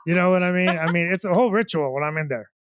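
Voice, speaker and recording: A man's voice: sits high, racing, over a noisy crowd. Rambling man telling a comic story. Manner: rambling, animated, heavy on "you know what I mean". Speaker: podcast co-host. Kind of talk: casual comedic storytelling.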